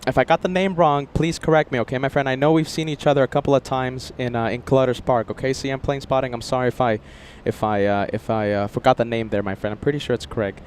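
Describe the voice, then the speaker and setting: A man's voice: mid-range voice, fairly even intonation, fast, few pauses, a little hiss or hum. An upbeat, chatty man hosting a casual livestream outdoors near an airport and reading viewer messages. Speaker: livestream host.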